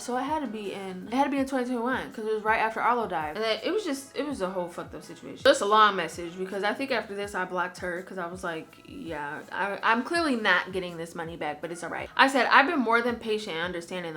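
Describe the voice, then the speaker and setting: Young woman ranting a storytime, bright sharp voice, cussing a lot. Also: medium pitch. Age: 20s. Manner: candid, heavy swearing, animated slang. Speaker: vlogger. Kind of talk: storytime vlog, casual chat.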